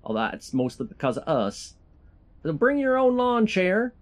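A crude, rambling backwoods preacher, played by a man, delivers a folksy sermon in a thick put-on Southern drawl. His voice sits a bit high and leaps around with lively swoops. It's a comic sermon parody. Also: normal speed. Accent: put-on generic American Southern.

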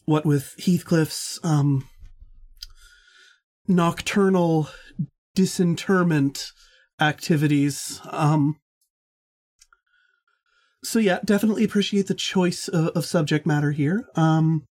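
A woman's voice: deep voice, slow, long pauses, a little mellow. Teasing woman podcast co-host. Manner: teasing, hesitant with fillers. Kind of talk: casual chat.

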